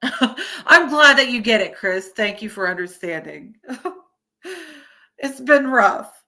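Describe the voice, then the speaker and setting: Woman, early 30s, streamer; bright, unhurried, chatty and profane. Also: on the high side, lively intonation. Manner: chatty, swears freely, laughs often. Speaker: streamer reacting to a video. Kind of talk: casual live-stream chat.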